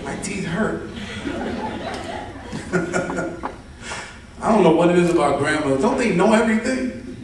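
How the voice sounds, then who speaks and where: A man performing a stand-up comedy set, telling animated, profane stories and acting out voices before a live audience. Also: high-pitched, takes it slowly, long pauses, a crowd in the background, noisy background. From Latino family. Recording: echoey live room, mic far off. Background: audience laughter.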